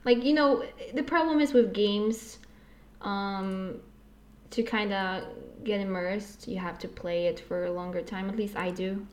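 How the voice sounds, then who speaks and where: A woman's voice: mid-range voice, measured pace. A woman chatting casually as a guest, in a medium, ordinary voice. She swears freely and mocks herself with a dry, joking edge. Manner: swears freely, jokey and self-mocking. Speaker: podcast guest. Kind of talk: casual chat.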